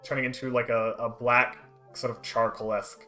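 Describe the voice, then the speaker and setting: A man running a tabletop game as dungeon master, describing the scene in a halting way full of ums and uhs. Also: mid-range voice, little pitch movement, sharp tone, faint music behind. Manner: hesitant, many ums and uhs, laughs often.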